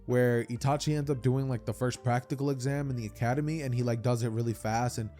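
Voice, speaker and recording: A man's voice: mid-range voice, steady tone, fast, mellow, faint music behind. A young man casually telling a fan-fiction story, rambling with stammered repeats and many fillers.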